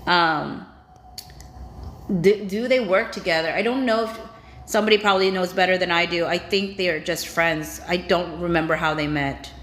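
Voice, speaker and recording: A woman with a somewhat low voice runs a casual livestream, reading viewer comments aloud one after another. She adds quick, chatty reactions between them. Her voice carries a roomy echo from the space around the mic. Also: a bit bright, a little hiss or hum. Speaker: livestream host. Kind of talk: casual live-chat reading.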